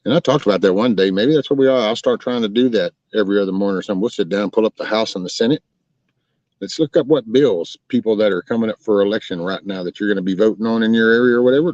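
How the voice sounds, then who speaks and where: Folksy man, low voice. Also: a little mellow, no echo. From Texas. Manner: folksy, rambling, reads and answers chat. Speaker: live stream host chatting with viewers. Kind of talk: casual live chat. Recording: dull lo-fi stream audio.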